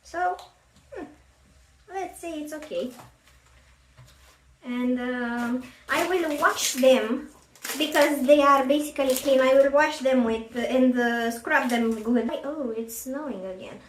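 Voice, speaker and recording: Cooking at home for her vlog, this woman talks slowly in a high-pitched voice, chatting casually, poking fun at herself and thinking out loud. Her face is out of frame and the camera is far away, leaving a roomy kitchen sound with faint noise.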